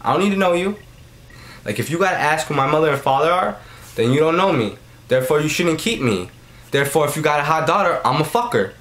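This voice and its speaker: In his comedy vlog, a young adult male host delivers a rambling, profane rant to camera, saying the same lines again and again. His voice is a little high, expressive, a bit bright, and fast.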